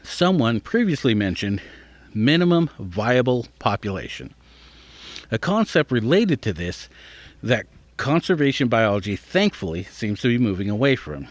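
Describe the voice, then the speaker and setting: A man's voice: medium pitch, sing-song, moderate pace, no echo. A man reading an article aloud and adding his own thoughts, sometimes stumbling over hard words. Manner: reads aloud, then breaks off to muse and stumble over words. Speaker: podcast host.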